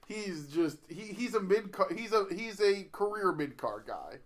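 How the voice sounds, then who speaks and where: A man with a high-pitched, lively voice, slightly raised, chats casually as a podcast co-host. He rambles and halts, breaking off and restarting sentences, so it sounds loose and unscripted.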